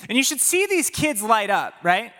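A man with a high, bright, ringing voice delivers an energetic, playful sermon and keeps turning to the congregation. His words hang in the long reverb of a large church sanctuary. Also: normal speed. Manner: energetic, playful, speaks to the audience. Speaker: pastor.

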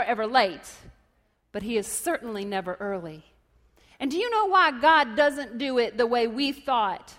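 A woman preaching a sermon to a congregation, telling lively stories and acting out voices and shouts. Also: fairly high pitch. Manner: animated storytelling, acts out voices and shouts. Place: church hall. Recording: long hall reverb.

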